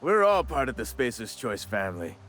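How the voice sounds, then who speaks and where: An actor playing a chatty, wry frontier gravedigger in a video game, talking in a folksy drawl with old-timey wording. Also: male voice, mid-range voice, big pitch swings, moderate pace, a bit bright, faint music behind. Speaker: game character.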